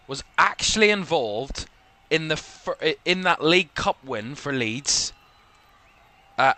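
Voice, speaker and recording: A man's voice: on the high side, pushed and bright. A man with a Northern Irish accent from Belfast, hosting live watchalong commentary in a rambling way, full of fillers. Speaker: host.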